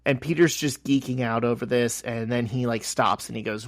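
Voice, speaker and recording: A man's voice: mid-range voice, normal speed, no echo, studio quality. A man co-hosting a podcast, casually recapping a comic and acting out the characters' lines. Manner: animated retelling, acting out quotes. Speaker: podcast co-host.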